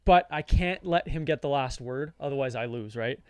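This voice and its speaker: A man's voice: medium pitch, moderate pace, smooth, no echo. A man co-hosting a podcast, telling a story in casual chat, sarcastic, laughing often and reading posts aloud. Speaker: podcast co-host.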